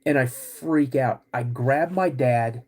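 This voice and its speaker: A podcast host telling a personal story in a halting, casual way, with many restarts. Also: male voice, medium pitch, darkish tone, breathy edge.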